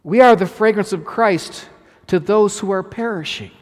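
Male pastor, sermon delivery, earnest and emphatic, slightly higher voice, long hall reverb. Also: moderate pace. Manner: earnest preaching with repeated restarts and emphatic quoted lines.

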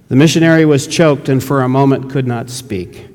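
An earnest male preacher telling a sermon story at a measured pace, his voice at a middle pitch. A long reverb trails every phrase, as in a large hall. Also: a little mellow.

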